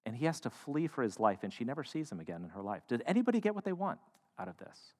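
A man giving a sermon in a large hall, telling the story with playful asides and a lively, rising-and-falling voice. His mid-range tone is clear. A long reverb trails each phrase. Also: mid-range voice, fast talker. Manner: animated, joking storyteller. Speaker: preacher. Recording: echoey hall.

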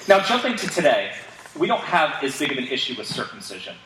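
A man's voice: mid-range voice, very animated, a little fast, pushed and bright, slight background noise. A man preaching a sermon as pastor, earnest and emphatic, posing rhetorical questions to the congregation. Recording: echoey room, distant mic, faint ambience.

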